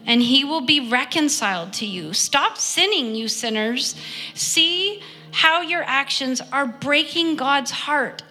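A woman preacher giving an earnest, heartfelt sermon, reading scripture and pausing often. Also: high-pitched, bright, forceful tone. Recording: long hall reverb, faint music behind.

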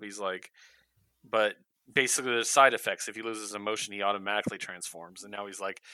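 A man on a comics podcast tells a story with animated energy, jumping into little voices for the characters. His tone is very bright and cutting, and the recording is dry and close, with no room sound. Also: lowish voice, brisk, no room sound, low-quality recording. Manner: animated storyteller, acts out character lines with laughs. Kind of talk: casual podcast chat retelling a comic.

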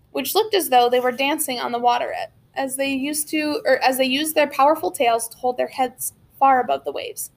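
A woman narrating a children's adventure novel as an audiobook, with steady storytelling and occasional slips and restarts. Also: high voice. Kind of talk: reading a children's novel aloud.

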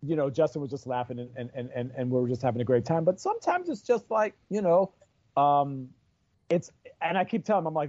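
A stand-up comedian chats casually, telling a rambling story full of restarts in a slightly high, darkish voice with lively intonation and a little fast pace. The recording is dull, dry, lo-fi and without echo.

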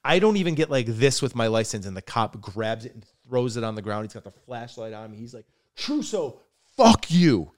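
A young adult man from Buffalo, New York, a comedian guest telling a wild story in casual chat, animated and swearing. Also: fairly low pitch, fast talker, hardly any pauses, no echo, clean studio sound. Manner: animated, swearing, gets loud and laughs as the story builds.

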